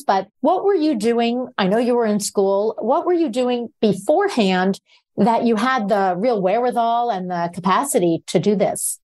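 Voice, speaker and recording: A woman hosting a podcast, reading the show intro and asking questions in an upbeat, curious way. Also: fairly high pitch. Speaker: podcast host. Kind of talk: scripted show intro and interviewing. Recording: voice over background music.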